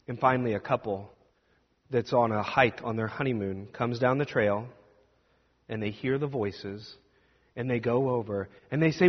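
A man preaching and telling a story dramatically, swinging between loud and hushed. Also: mid-range voice, moderate pace, slightly rough. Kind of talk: sermon storytelling. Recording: dull sound with long hall reverb.

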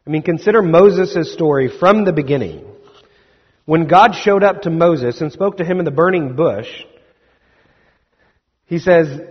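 Husky-voiced man preaching in an echoey hall. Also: fairly high pitch, unhurried, long pauses. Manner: conversational storytelling with rhetorical questions. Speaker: pastor. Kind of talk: sermon. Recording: echoey hall, slightly dull.

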